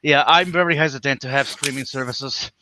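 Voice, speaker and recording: A livestream guest with a nasal, medium-pitched male voice chats casually over a video call. His voice sounds pushed and bright with no room sound, and his speech is halting, full of fillers and restarts.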